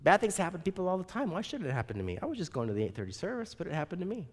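A man's voice: sits high, huge pitch swings, racing, voice pushed up, full character voice. A man voicing an elderly woman in her eighties, prim and unshaken, talking in an earnest, insistent way. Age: 80s. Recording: long reverb in a large hall.

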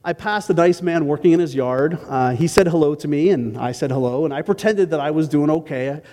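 Male preacher, fairly high voice, self-mocking storyteller in a hall with long reverb. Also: brisk, warm tone. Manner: self-mocking storytelling with wry asides to the congregation. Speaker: pastor. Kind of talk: sermon with personal story.

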